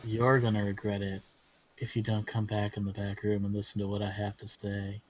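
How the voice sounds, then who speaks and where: A man voicing a greasy, pushy male schemer in a tabletop game, with a deep wheedling voice. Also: completely flat delivery, fairly quick, a little hiss or hum, lightly acted.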